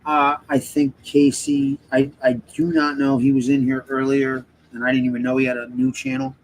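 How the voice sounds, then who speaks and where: A male livestream host rambles through a heated, profanity-laden rant during casual chat, swearing heavily. His mid-range voice moves little in pitch and keeps a moderate pace. The audio is poor, with a faint hiss or hum.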